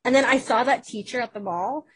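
A woman, an actress and podcast guest, talking in a casual interview, hyper and energetic, acting out what people said to her as she tells her stories. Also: a little high, brisk, slightly rough, low-quality recording. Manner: animated storyteller who acts out quoted dialogue.

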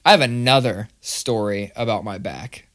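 A man co-hosting a podcast in a loose, chatty way. He swears freely and tells his stories in animated, ranting bursts, speaking into a studio microphone. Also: fairly low pitch, normal speed. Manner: profane, animated ranting storyteller. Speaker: podcast co-host. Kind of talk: casual chat.

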